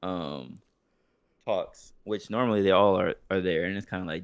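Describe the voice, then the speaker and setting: A young man co-hosting a casual podcast, telling stories loosely with plenty of swearing. His voice sits fairly low and sounds smooth and clear. The recording is close and dry, with no room sound. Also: moderate pace, no echo. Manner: profane, loose storytelling with mocking impressions. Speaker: podcast co-host. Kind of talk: casual chat.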